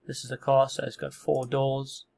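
A man casually walking through a software tutorial, relaxed and self-deprecating, with frequent fillers and restarts. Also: medium pitch, normal speed, creaky. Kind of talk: casual screen-recorded tutorial.

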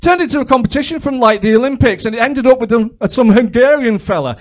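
A man's voice: very high-pitched, fast talker, a little mellow. A man performing a crude, chatty stand-up comedy set, full of ums and asides. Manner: chatty, crude, with frequent fillers.

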